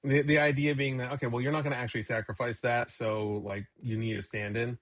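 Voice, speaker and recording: A man, a pastor co-hosting a casual Bible discussion, talking in an animated, joking way and acting out quotes in a raised voice. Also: medium pitch, fast. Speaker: pastor and podcast co-host.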